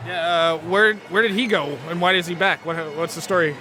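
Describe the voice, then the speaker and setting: Teasing male host, loud festival crowd. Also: high voice, a little fast. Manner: teasing, joking. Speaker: podcast host. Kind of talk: casual chat. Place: outdoors at a highland games. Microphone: handheld microphone. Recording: loud crowd and bagpipe music.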